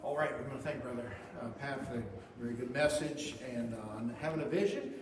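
A man's voice: mid-range voice, fairly quick. Man announcing from far off in a hall. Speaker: church host. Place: church hall.

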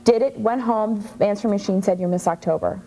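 A woman's voice: mid-range voice, quick pace, slight background noise, low-quality recording. A woman in her thirties from Chicago, a guest telling her story in a casual, chatty interview and acting out quoted voices. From Chicago, USA. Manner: chatty, animated storyteller who acts out quotes.

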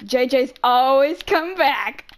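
A woman trolling other players in game voice chat, teasing and mocking them, sometimes dropping into a low put-on voice to taunt. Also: expressive, slow pace, noisy background.

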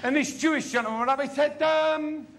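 A man's voice: very high-pitched, fairly even intonation, fast, fairly bright tone. A man doing bawdy, profane stand-up, telling jokes boisterously to a live crowd. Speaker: stand-up comedian.

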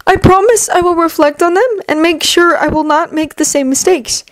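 Lady voicing a keen teen boy, way up high and earnest, dry close sound. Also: normal speed, no echo. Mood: earnest apologetic. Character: eager earnest teenage boy hero.

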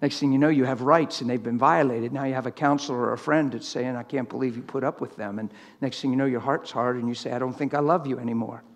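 A man preaching a sermon in a church, impassioned, swinging from loud urgent stretches to hushed, quiet ones. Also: medium pitch, fairly even intonation, fast, hardly any pauses. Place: church sanctuary.

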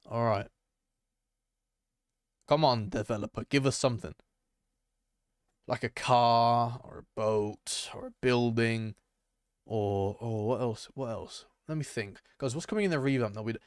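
Excitable young man streaming a game. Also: mid-range voice, a little slow, pauses often, clear, resonant tone, dry recording, studio quality. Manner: excitable, chatty, addresses chat and viewers. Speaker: gaming streamer. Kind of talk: live gameplay commentary.

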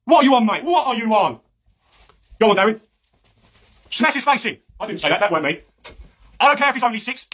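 A man playing a pushy British football dad who yells from the touchline, with a husky, blustering voice, in a comedy sketch. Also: very high-pitched, animated, fast talker, long pauses, heavily acted. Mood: shouting. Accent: British English. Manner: shouty, blustering, laddish.

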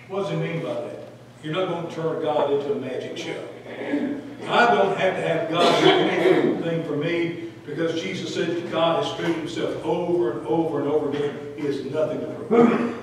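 Man, Bible study teacher, animated, questions the class, fairly high voice, distant mic, very echoey hall. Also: slight background noise. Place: church classroom. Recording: echoey room taped from a distance.

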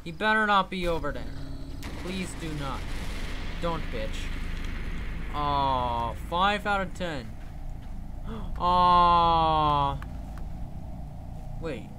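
A man's voice: fairly high pitch, animated, drawn-out words, long pauses, noisy background. Screaming, cursing young man playing horror. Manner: jumpy, screams and swears at scares; slangy, repetitive exclamations. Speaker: gaming YouTuber. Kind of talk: horror game let's play commentary.

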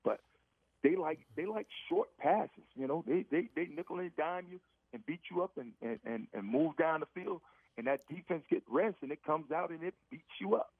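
A man's voice: fairly high pitch, lively intonation, moderate pace, husky, no echo. A middle-aged man calls in to a sports radio show and talks in an emphatic, repetitive way, restarting his phrases as he goes. His voice comes through a tinny phone line. The sound is completely dry. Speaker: former NFL receiver, radio guest. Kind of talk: casual sports radio talk.

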